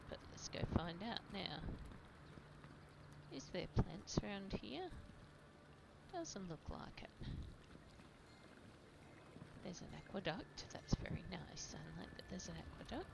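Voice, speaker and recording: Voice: medium pitch, vocal fry, very noisy. A gamer chatting casually and self-deprecatingly while playing a video game. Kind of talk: casual let's-play commentary.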